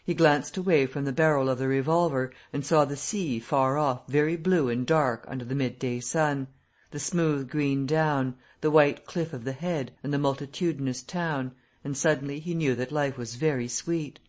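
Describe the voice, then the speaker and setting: A man reading a classic novel aloud as an audiobook narrator, in a steady, measured way. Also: mid-range voice. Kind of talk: scripted narration.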